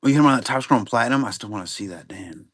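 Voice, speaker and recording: A man's voice: lowish voice, expressive, rapid-fire, fairly bright tone. A man hosting a live card-break stream, chatting casually and rambling in a laid-back way with some swearing. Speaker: livestream card break host. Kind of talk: casual chat while running a live stream.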